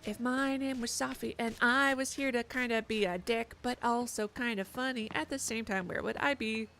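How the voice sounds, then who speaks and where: A woman's voice: a little high, normal speed, fairly bright tone, slight background noise. A woman streaming a game live, chatting and joking sarcastically while she plays. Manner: chatty, sarcastic, swears a lot. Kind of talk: live gameplay commentary.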